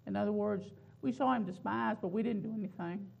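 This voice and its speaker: Preacher, deep fry and gravel, slow drawn-out stresses, dull lo-fi recording. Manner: slow, drawn-out emphasis on key words. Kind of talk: sermon.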